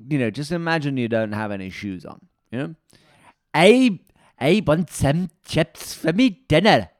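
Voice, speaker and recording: A man playing a snobbish dialect coach in a deadpan comic interview, pompous and self-satisfied. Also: sits low, clear, resonant tone, no echo, studio quality.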